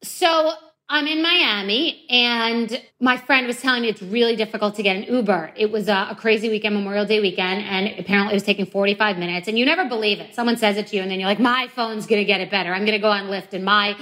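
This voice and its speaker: A woman podcast host telling a joking, self-mocking story in a casual, animated way. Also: medium pitch, fast.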